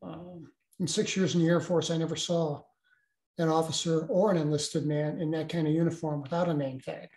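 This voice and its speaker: An older man, a guest, recounting a personal experience in a halting way with many restarts. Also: a little high, fairly even intonation, a little mellow, roomy sound.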